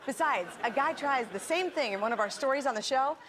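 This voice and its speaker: A woman's voice: high voice, lively intonation, brisk, a bit bright. A woman co-hosting a TV show with scripted, teasing banter and easy laughter, in front of a crowd. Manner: wry, teasing, laughs easily. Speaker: co-host.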